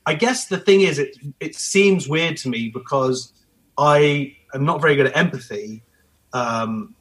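A man's voice: on the high side, measured pace, rough recording. A man, a comedian, talking as a podcast guest in a blunt, emphatic, storytelling way. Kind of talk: podcast conversation.

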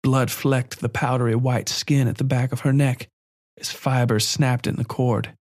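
A man narrating a first-person horror story in a measured, quiet, calm way. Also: medium pitch, dry recording, studio quality.

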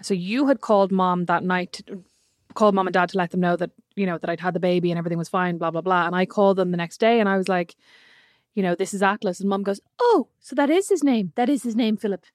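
Woman, casual chat, teasing, quick interjections, rapid pace, dry sound. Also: fairly low pitch, flat delivery, no room sound.

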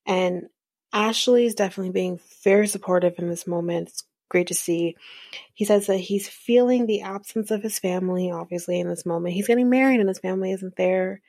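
A woman hosting a podcast, casually recapping a reality show in a chatty, rambling way with fillers and soft laughs. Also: mid-range voice, fairly quick, no room sound, clean studio sound. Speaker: podcast host.

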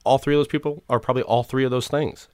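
A man, a comedian and guest, speaking earnestly in casual conversation, halting with many restarts and occasional swearing. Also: mid-range voice, fairly even intonation, a little mellow, no room sound, clean studio sound.

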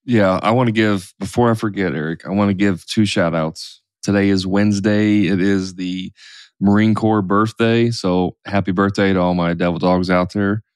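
Podcast co-host, adult man, very low voice, dry close sound, candid and rambling. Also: steady tone, normal speed, clean tone, no echo. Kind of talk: casual chat.

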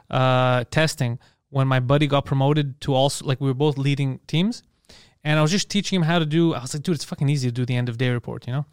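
A man in his thirties co-hosting a podcast, telling stories in casual chat with animated, sometimes yelled, acted-out quotes. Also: a little high, clear, resonant tone, no echo, clean studio sound. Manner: fast, animated storytelling, yells when acting out quotes. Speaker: podcast co-host.

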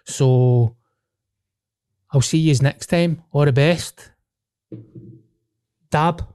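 A man's voice: medium pitch, slow, warm tone, clean tone, no room sound, studio quality. A man with a Glaswegian Scottish accent hosting a podcast, chatting casually in sweary, laughing banter. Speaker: podcast host. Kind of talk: casual chat.

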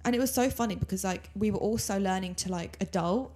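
A woman's voice: medium pitch, fast talker, mellow. Gushing young woman co-host. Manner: enthusiastic, gushing. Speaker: podcast co-host. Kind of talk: casual chat.

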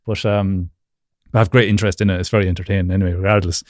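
A man's voice: sits low, fairly even intonation, very fast, no echo, clean studio sound. A man as a guest on a video-call interview, rambling casually with lots of fillers and frequent laughs. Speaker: podcast guest.

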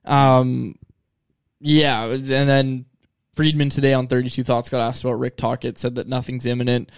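A man's voice: mid-range voice, level tone, moderate pace, smooth, no echo. A man co-hosting a casual sports podcast, reading out news items and adding dry asides. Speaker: podcast co-host.

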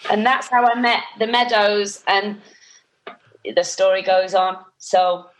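A middle-aged woman, telling her story as an interview guest in an animated, chatty way. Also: mid-range voice, slow pace. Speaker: actress guest.

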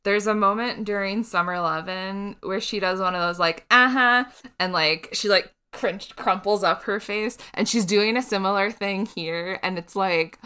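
A woman's voice: medium pitch, normal speed, hardly any pauses, pushed and bright, clear, resonant tone. A woman comedian guest in casual chat, talking things through analytically with lots of "like".

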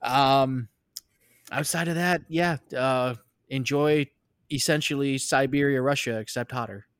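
A man's voice: mid-range voice, a little slow, clean tone, no echo, clean studio sound. A man co-hosting a casual soccer podcast, laid-back and wry, often trailing off. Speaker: podcast co-host. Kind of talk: casual chat.

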